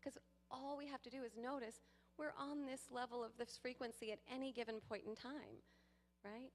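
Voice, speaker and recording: A woman giving a sermon to a congregation, lively and playful, with laughing asides to the people in the pews. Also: fairly high pitch, moderate pace. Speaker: guest speaker. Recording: long hall reverb.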